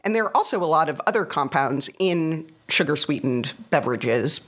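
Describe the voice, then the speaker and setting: A woman co-hosting a podcast who calmly explains research findings in a measured way. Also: low voice. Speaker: podcast co-host.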